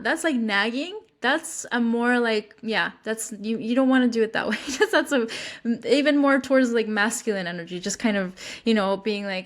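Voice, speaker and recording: Chatty woman host, rambling. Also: moderate pace. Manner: rambling, many restarts and fillers; acts out quoted lines with lifted pitch. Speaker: podcast host. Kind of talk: casual chat.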